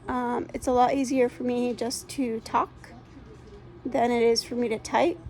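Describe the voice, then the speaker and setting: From home, a woman who runs a dog rescue records a casual update into a phone camera, sounding congested and rambling with many ums and restarts. Her voice is on the high side, level and warm, at a measured pace over slight background noise.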